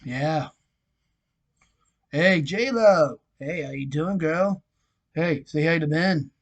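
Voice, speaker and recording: A sports vlogger putting on a jokey Boston accent, playing a loud, friendly Boston sports bro calling out greetings. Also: mid-range voice, slow. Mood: joking. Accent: Boston, put on.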